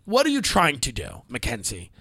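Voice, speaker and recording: A man's voice: medium pitch, huge pitch swings, normal speed, pushed and bright, dry recording. A man co-hosting a podcast in casual banter, blunt, brash and profane, giving unfiltered advice. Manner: puts on mocking voices. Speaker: podcast co-host.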